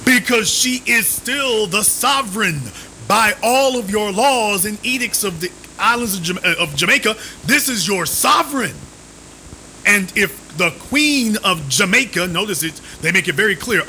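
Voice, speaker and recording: A man giving pointed commentary on a live stream, his voice pitched high and swinging widely as he drives home each point. He leans on sarcasm and fires the same rhetorical question again and again, with a sharp, bright edge. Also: lively intonation, normal speed, a little hiss or hum, low-quality recording.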